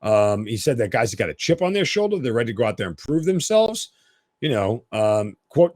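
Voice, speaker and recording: A man hosting a solo sports podcast, talking in a blunt, opinionated and animated way. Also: medium pitch, fairly quick, no echo, studio quality. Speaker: podcast host.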